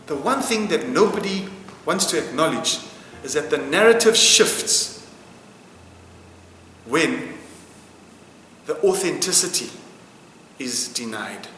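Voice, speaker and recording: Slow and pausing often, this man's slightly high voice is bright and forceful, with big pitch swings. He's giving a passionate interview answer, stressing words and repeating phrases to drive the point home, in a roomy hall with long reverb and faint music.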